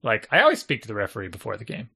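A man's voice: on the low side, huge pitch swings, very fast, creaky, bright, forceful tone, breathy edge. A middle-aged man, a youth soccer coach and parent, chatting casually and acting out example lines as he explains. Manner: talkative, explains with acted-out examples. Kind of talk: casual chat.

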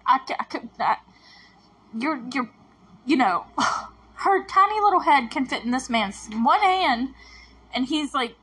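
A woman's voice: high voice, expressive, measured pace, pauses often, fairly bright tone. A woman giving a casual, emotional reaction commentary, rambling with sighs and stammered restarts. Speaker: show reviewer.

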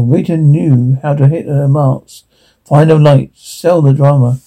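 Man narrating a show scene, gravelly and husky, dark voice. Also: a little high, steady tone, unhurried, poor audio. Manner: dramatic, reads out sound cues. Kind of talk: dramatic retelling of a show scene.

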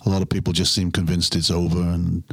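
A deep-voiced musician from England talks through his stories, circling back and restarting sentences and laughing now and then. The sound is dry and close, with no room echo. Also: flat delivery, fast, gravelly, a bit bright. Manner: rambling, self-interrupting, chuckling storyteller. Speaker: musician guest. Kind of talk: casual interview chat.

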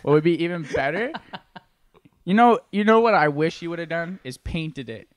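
Man, young adult, podcast co-host, jokey, laughs a lot, higher voice. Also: expressive, moderate pace. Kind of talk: casual chat.

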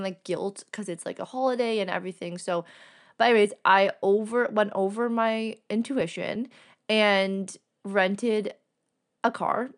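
A young woman talks straight to her listeners, casual and gossipy, with "like" in nearly every sentence. She acts out the dialogue of her story as she goes, her voice sitting at an ordinary middle pitch for a woman. It sounds like a relaxed solo podcast episode. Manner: chatty, fills speech with "like", acts out quoted dialogue. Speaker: podcast host.

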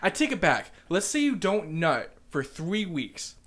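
A young man with a slightly raised pitch recounting a story on a casual podcast. He jumps between quick and drawn-out phrasing and swears offhandedly. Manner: animated storyteller who swears freely. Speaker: podcast co-host. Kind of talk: casual chat.

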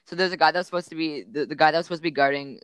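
A man's voice: on the high side, rapid-fire, a bit bright, clean tone, dry recording. A teenage boy co-hosting a goofy podcast, joking and rambling with restarts. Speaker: podcast co-host. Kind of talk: goofy casual chat.

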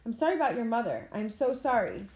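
A woman reading aloud, voicing a sharp, clever teenage girl with an earnest, pointed delivery, in a roomy recording. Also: on the high side, wildly swooping pitch, fast. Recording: roomy echo.

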